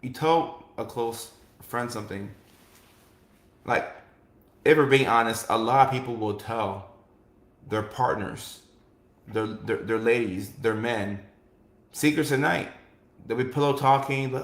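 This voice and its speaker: A man's voice: mid-range voice, slow, vocal fry, pauses often. A man hosting a casual talk show, chatting loosely and answering viewers, with lots of "like" and "you know" and frequent restarts. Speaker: host. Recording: echoey room.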